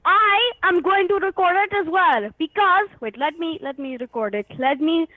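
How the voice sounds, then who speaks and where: A woman on a phone call, impatient and loud, shouting, cursing and cackling. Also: very high voice, animated, moderate pace, no echo. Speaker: phone scammer being pranked. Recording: tinny phone line.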